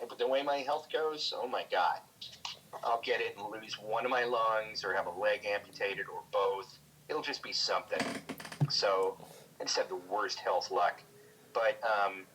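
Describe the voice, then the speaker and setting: A man's voice: on the low side, animated, fairly bright tone, a little hiss or hum, rough recording. A man, a guest comedian, talking candidly in casual chat, swearing freely and restarting his sentences often. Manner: candid, profane, halting with many restarts. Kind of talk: casual chat over a call.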